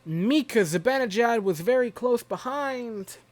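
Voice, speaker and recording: A man's voice: extremely high pitch, lively intonation, a little slow, dry recording. A young man giving a rambling, wry, self-mocking recap of a hockey game as a fan vlogger.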